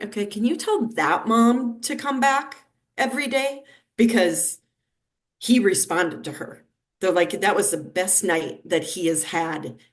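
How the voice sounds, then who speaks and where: A woman in her fifties, a neonatal nurse practitioner, telling a story in a conversational interview and acting out the dialogue of the people in it. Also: fairly low pitch. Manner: lively anecdotal telling, acting out quoted dialogue.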